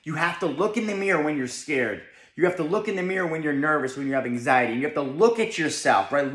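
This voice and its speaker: A man's voice: on the high side, quick pace, few pauses, fairly bright tone. Young jersey guy giving a fired-up motivational talk, keeps saying right?, roomy echo. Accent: New Jersey. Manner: emphatic, keeps asking "right?". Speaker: motivational speaker. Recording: echoey room.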